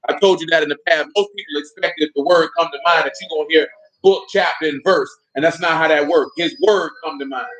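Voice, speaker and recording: Male preacher, fairly high-pitched, talking colloquially to his congregation. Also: fast, fairly bright tone, rough recording. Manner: conversational preaching, colloquial, asks listeners questions. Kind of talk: sermon.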